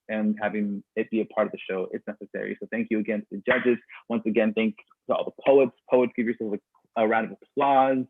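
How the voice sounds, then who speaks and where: On a poetry slam livestream, a male host with a lowish voice rambles casually, full of fillers and tangents, and he's losing his voice as it wears out. The recording is dry and tinny, like a phone.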